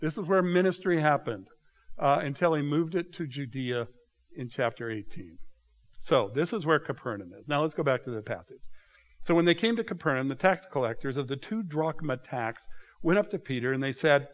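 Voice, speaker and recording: A man's voice: a little high, animated, moderate pace, low-quality recording. A man preaching a conversational, teacherly sermon that walks listeners through a Bible passage. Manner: conversational, teacherly, often asks "okay?". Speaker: pastor. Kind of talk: expository sermon.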